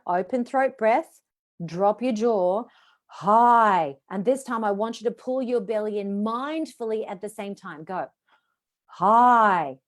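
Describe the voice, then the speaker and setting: A woman's voice: medium pitch, darkish tone. A woman voice coach leading a live online workshop, chatty and encouraging as she demonstrates vocal exercises.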